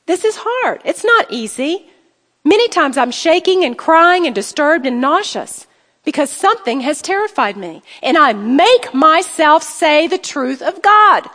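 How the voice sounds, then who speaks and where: A woman's voice: sits high, big pitch swings, unhurried, fairly bright tone. Earnest woman preaching in a reverberant hall. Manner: earnest and emphatic, rising to fervent declarations. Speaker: women's retreat speaker. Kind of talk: Bible teaching to women.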